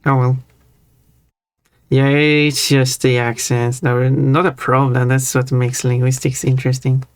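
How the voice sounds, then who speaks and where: A chatty man musing out loud in a relaxed stream conversation. His voice sits in an ordinary middle range and sounds close and dry. Soft music plays faintly behind him. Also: mid-range voice, measured pace, no echo. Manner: thinks aloud, chatty, drifts into language tangents. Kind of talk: casual chat on a live stream.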